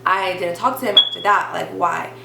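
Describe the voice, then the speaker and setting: A young woman telling a personal story in a casual vlog, chatty and animated, with lots of "like" and quick restarts. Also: lowish voice, creaky, reverberant, noisy background.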